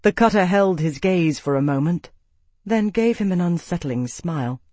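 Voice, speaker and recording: A man narrating a fantasy audiobook in a steady storytelling manner. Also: sits high, moderate pace, no room sound. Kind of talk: scripted narration.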